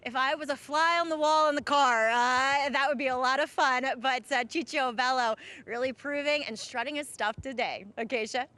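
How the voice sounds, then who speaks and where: Woman, trackside reporter, high sharp bright voice, enthusiastic interviewer. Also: normal speed, hardly any pauses. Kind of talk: winner's circle interview.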